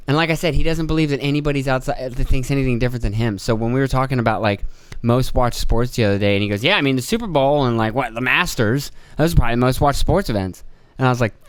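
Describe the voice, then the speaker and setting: A man's voice: medium pitch, clear, resonant tone, dry recording. Swearing man ranting on a podcast. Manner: ranting, swearing, acts out quoted voices. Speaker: podcast host. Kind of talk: solo podcast rant.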